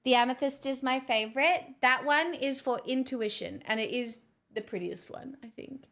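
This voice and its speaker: A woman streaming from her home kitchen, talking casually to her viewers. Her voice sits a little high. She is playful and self-mocking. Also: normal speed, fairly bright tone. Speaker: live streamer.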